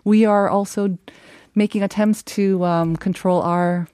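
A woman in a casual discussion, speaking in a thoughtful, measured way with frequent fillers. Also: mid-range voice, fairly even intonation, mellow, clear, resonant tone, dry recording.

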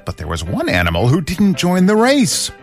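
Man narrating with a very animated voice. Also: high-pitched, normal speed, faint music behind. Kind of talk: children's story narration.

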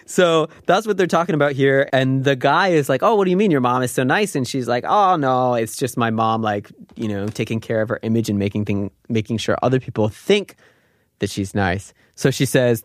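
A man's voice: medium pitch, no echo, studio quality. A man teaching Korean phrases in English, chatting casually, laughing often and sliding Korean words into his explanations.

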